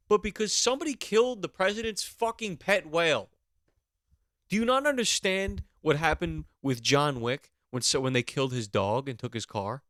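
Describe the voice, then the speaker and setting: A man's voice: on the high side, no echo. Mock-outraged man ranting, dry sound. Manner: animated, swearing, mock-outraged. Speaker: podcast host. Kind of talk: comedic rant on a podcast.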